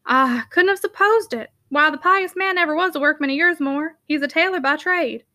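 A woman voicing a nimble, keen older male rector who fires off brisk, commanding questions. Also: sits high, pushed and bright, dry recording, studio quality.

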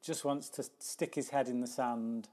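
A man, co-hosting a casual film review chat in a relaxed way, often repeating words as he starts a thought. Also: medium pitch, normal speed. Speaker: podcast co-host.

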